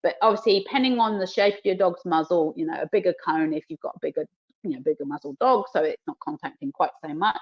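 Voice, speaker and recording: A woman's voice: lowish voice, fast talker. Woman dog trainer with a New Zealand accent. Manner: explains while cueing the dog, soft praise. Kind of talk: live training demonstration. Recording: dull lo-fi webinar audio.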